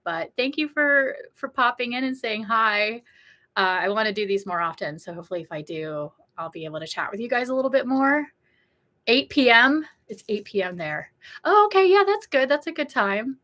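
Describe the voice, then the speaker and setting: Bright, chatty woman on a livestream. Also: mid-range voice, expressive, normal speed. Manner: chatty and emotional, reads viewer comments aloud. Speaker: beauty vlogger on a livestream. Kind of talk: casual livestream chat.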